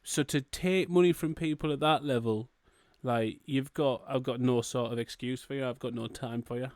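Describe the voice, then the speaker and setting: A man's voice: medium pitch, moderate pace, darkish tone, no echo, studio quality. A young adult man co-hosting a podcast, joking and swearing in casual chat. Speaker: podcast co-host.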